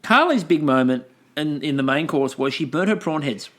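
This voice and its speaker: A man's voice: a little high, expressive, normal speed, fairly bright tone. A man co-hosting a casual podcast, chatting and acting out quoted lines as he recaps a cooking show. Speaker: podcast co-host.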